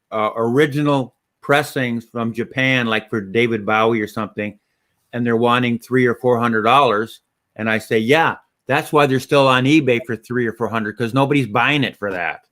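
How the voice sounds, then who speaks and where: An easygoing man in a casual group chat, speaking at an ordinary middle pitch. He trails off into fillers as he talks. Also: normal speed, fairly bright tone.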